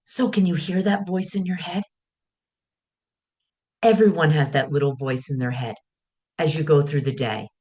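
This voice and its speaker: A woman speaking as a wellness teacher, guiding listeners calmly in short, measured phrases. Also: low-pitched. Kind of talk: guided teaching talk.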